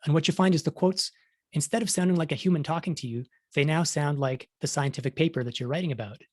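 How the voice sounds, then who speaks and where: A man's voice: on the high side, fast talker, dry recording. Man, middle-aged, science journalist talk, conversational, restarts often, dry sound. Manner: conversational, many restarts, acts out quotes. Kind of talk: conference talk.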